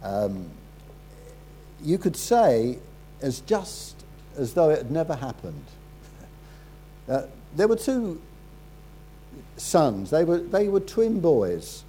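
A man preaching a sermon, telling a story in a halting way, repeating words and dropping quiet at solemn moments. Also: on the high side, big pitch swings, a little hiss or hum, rough recording.

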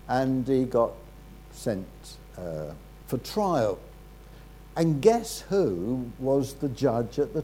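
Slow, low-key preacher man. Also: a little hiss or hum, rough recording. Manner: halting, repeats words, drops low and quiet for serious moments. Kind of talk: sermon storytelling.

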